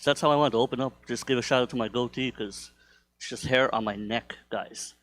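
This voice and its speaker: A man's voice: a little fast, fairly bright tone. A young man doing a stand-up comedy set in a club, rambling through stories with lots of fillers and self-deprecating asides. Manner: rambling, filler-heavy, self-deprecating, with bursts of high-pitched put-on voices.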